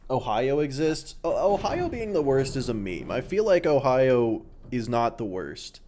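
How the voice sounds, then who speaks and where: A man's voice: mid-range voice, sing-song, measured pace, darkish tone, a little hiss or hum. Young Aussie streamer, easygoing and jokey, cursing casually while he plays. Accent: Australian. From Australia. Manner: laid-back, joking, swears freely, chats with viewers. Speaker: game streamer. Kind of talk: casual chat while gaming.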